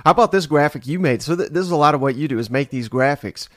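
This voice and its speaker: A man's voice: on the high side, fast talker, dry recording, studio quality. A man hosting a podcast in casual chat, telling stories and teasing his guest. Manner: teasing, relaxed storyteller. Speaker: podcast host.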